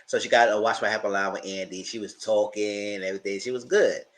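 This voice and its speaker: A man's voice: lowish voice, fairly even intonation, fast, fairly bright tone. A man hosting a live TV review stream, retelling the plot in a loose, slangy way and putting on voices for the characters he quotes. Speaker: TV review channel host. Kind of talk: casual live TV recap.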